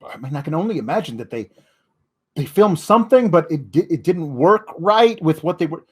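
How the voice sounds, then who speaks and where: A man's voice: fairly high pitch, expressive, moderate pace, breathy edge. A man hosting a wrestling podcast, delivering an exasperated rant full of swearing. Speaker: wrestling news podcast host.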